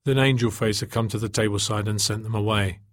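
A man reading a novel aloud in steady, measured narration. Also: lowish voice, dry recording, clean studio sound. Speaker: audiobook narrator. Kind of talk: scripted narration.

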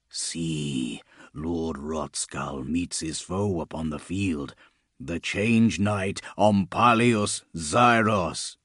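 A rotting plague knight speaks in a very deep, slow, half-whispered voice, calm and sinister, as a male narrator puts him on. The sound is dry and close, like a studio audiobook. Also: no room sound, heavily acted.

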